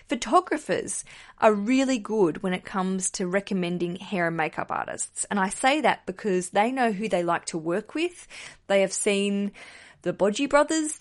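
A young woman talks through her podcast in a chatty, upbeat way. She answers listener questions with friendly advice and drops in quick asides as she goes. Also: mid-range voice. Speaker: podcast host.

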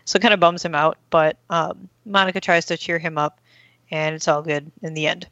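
A woman's voice: low voice, steady tone, a little fast, fairly bright tone, no echo, lo-fi sound. Chatty woman recapping with lots of fillers. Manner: rambling, many fillers, acts out quotes. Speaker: podcast host recapping an episode. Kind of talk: casual chat.

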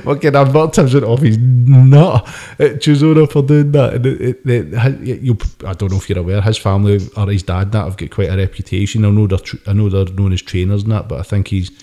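Podcast co-host: man, lowish dark voice, heated sweary rants. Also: a little fast, hardly any pauses. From United Kingdom. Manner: sweary, ranting, animated. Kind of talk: casual boxing chat.

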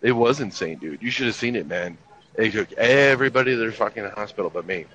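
Man in his 50s, low-voiced, easygoing storyteller swearing freely; dull lo-fi recording with faint room hum. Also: animated, fast, a bit bright. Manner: laid-back, profane, wry anecdotal delivery. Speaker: guest telling army stories. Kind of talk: casual storytelling chat.

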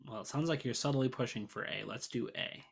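A man's voice: medium pitch, a little fast, creaky, slightly rough. A man co-hosting a podcast, chatting casually with dry, teasing humor. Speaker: podcast co-host. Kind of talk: casual chat.

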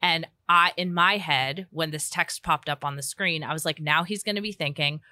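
A young woman, a therapist, chatting candidly and laughing at herself. Her voice sits a little low but sounds bright and crisp. It is recorded dry and close, with no room sound. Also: normal speed, dry recording. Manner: chatty, self-deprecating, many fillers and restarts. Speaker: therapist, podcast guest. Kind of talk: candid casual conversation.

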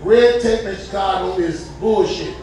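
A male stand-up comedian telling a loud, profane story with bursts of shouting. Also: high-pitched, unhurried, slight background noise. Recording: echoey room, distant mic.

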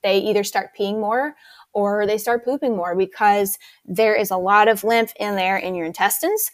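A woman's voice: mid-range voice, fairly even intonation, normal speed, dry recording. Upbeat woman instructor, chatty explainer, dry room. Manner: enthusiastic, explanatory. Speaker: fitness instructor. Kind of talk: casual interview.

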